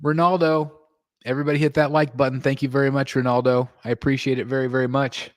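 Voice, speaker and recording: A man in the middle of the usual pitch range hosts a relaxed live stream from home. He chats with viewers, reads out their comments and thanks new members, and his voice lifts sharply when he gets excited. The sound is dry and close, with almost no room echo. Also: fast. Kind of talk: casual live stream chat.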